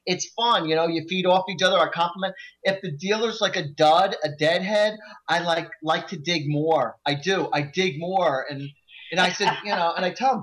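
A man chatting casually, an animated storyteller who gets loud when acting out scenes. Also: high-pitched, normal speed, low-quality recording. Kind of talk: casual chat.

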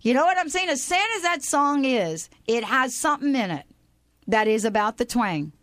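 A woman hosting an inspirational radio talk show, animated and playful, breaking into bits of song. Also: high voice, moderate pace, dry recording. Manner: animated, playful, sings snatches of songs.

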